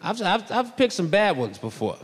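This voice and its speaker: A male stand-up comedian telling a story in an animated way, often breaking into shouted bits. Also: high voice, normal speed, long reverb tail.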